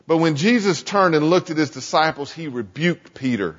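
A man's voice: on the high side, a little fast, few pauses. Man preaching in an echoing hall. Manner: conversational preaching, animated. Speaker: pastor. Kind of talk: sermon. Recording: dull lo-fi sound in a reverberant hall.

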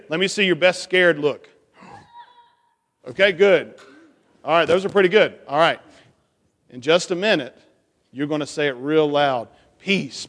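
High-voiced man leading children. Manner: animated, coaxing, playful with children. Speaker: children's sermon leader. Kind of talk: children's sermon. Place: church sanctuary. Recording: long church reverb.

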